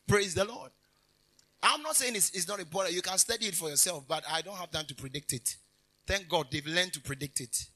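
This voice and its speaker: A male minister, preaching in a high, lively register. His tone is bright and forceful, and he mixes teasing jokes with emphatic declarations and frequent hallelujahs. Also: rough recording. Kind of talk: conversational sermon. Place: convention hall.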